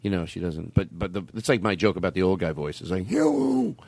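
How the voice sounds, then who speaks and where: A man's voice: low-pitched, quick pace, no echo. A man in his fifties hosting a comedy show, joking loosely with frequent hesitations. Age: 50s. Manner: animated, jokey, frequent hesitations. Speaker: comedy podcast host.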